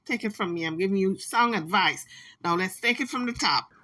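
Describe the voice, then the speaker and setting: A woman's voice: medium pitch, brisk, pushed and bright, slight background noise. A woman hosting a commentary channel, talking back to clips in a sassy, scolding, teasing way. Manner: sassy, scolding, teasing, talks straight to the clip.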